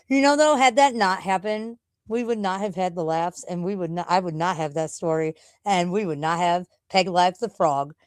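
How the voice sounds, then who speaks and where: A woman's voice: lowish voice, moderate pace, few pauses, smooth. Woman streamer just rambling live, crude and blunt, cussing a lot, laughs a bunch. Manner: blunt, profane, laughs often. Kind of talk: casual rambling chat.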